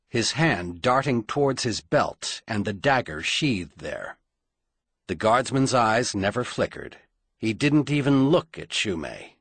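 A man narrating an audiobook in measured, dramatic storytelling. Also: medium pitch, fairly bright tone, husky, no room sound, studio quality.

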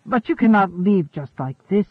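A man reads an earnest young man under thirty, pleading and stammering in desperation. His voice sits high and comes through a tinny, phone-like band. The sound is dry. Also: moderate pace, no room sound. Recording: tinny narrow-band recording.

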